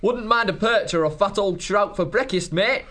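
A man's voice: high-pitched, moderate pace, bright, forceful tone, voice pushed up. A man voicing a cheeky, chatty male harvest mouse with folksy rustic speech in a storybook reading. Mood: cheerful teasing.

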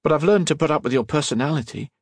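A man voicing a bold, sharp-tongued young woman, talking in a quick, scolding, teasing way. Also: sits high, animated, breathy edge, no echo, studio quality, pitched above the performer's own voice, exaggerated voice. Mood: earnest.

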